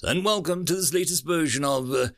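A man hosting his channel and narrating a sci-fi short story in an expressive audiobook reading. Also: on the high side, fairly quick.

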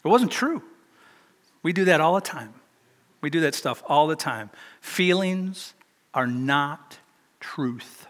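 A man's voice: fairly high pitch, big pitch swings, moderate pace, long pauses, long reverb tail. An older man preaching a sermon, telling a personal story in a chatty, self-deprecating way. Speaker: pastor.

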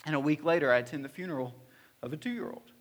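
Speaking fast in a voice on the high side, a man in his thirties preaches a storytelling sermon in a church hall. The pastor is earnest and personal, with lots of restarts and fillers.

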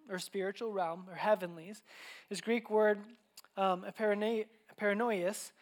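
In a high-pitched voice, a young man preaches, telling personal anecdotes in a lively, conversational manner and restarting phrases often.

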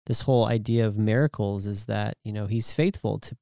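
Man with a gravelly low voice. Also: steady tone, brisk, no room sound, studio quality. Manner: gentle, reassuring, repetitive. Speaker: podcast guest. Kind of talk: casual church podcast chat.

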